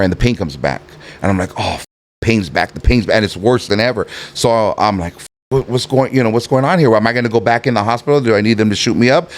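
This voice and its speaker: A middle-aged man with a Southern California Chicano accent and a mid-range voice tells a casual story as a podcast interview guest. He's animated and profane, acting out every voice in the tale.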